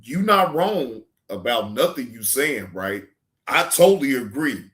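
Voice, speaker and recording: A man hosting a reaction show in casual livestream talk, slangy and profane, repeating himself and swinging from loud hype to quiet asides. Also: mid-range voice, big pitch swings, a little slow.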